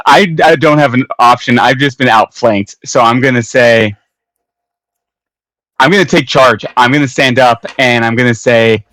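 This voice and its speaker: A man's voice: mid-range voice, normal speed, fairly bright tone, no echo, rough recording. A man playing in a tabletop role-playing game, talking casually and swearing freely. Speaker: player.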